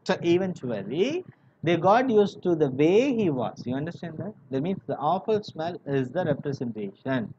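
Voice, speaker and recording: A man's voice: a little high, sing-song, moderate pace, dark tone. A man with an Indian English accent teaching English, reading a story aloud and stopping often to define words and check that students understand. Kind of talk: classroom reading and word explanation. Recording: muffled lo-fi with clear background noise.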